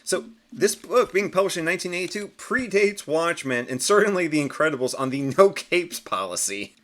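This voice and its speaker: A man's voice: fairly high pitch, fairly quick. A man in a chatty, casual comic-book review, often correcting himself as he talks. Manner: chatty, self-correcting, lively intonation.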